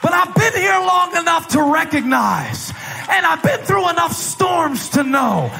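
A man preaching a fiery sermon in a large church, shouting in repeated refrains. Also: extremely high pitch, very animated, measured pace, gravelly, soft background music. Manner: shouting, rising intensity, repetitive refrains. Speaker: pastor.

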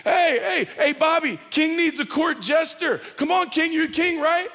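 A man voicing a jeering male Roman soldier who taunts a prisoner in a high, loud, sing-song voice. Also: measured pace, full character voice. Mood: mocking. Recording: long hall reverb.

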